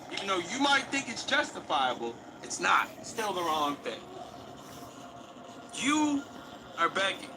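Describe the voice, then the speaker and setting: A man's voice: on the high side, noisy background. A male streamer ranting to his stream, repeating his points emphatically. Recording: loud game music behind voice.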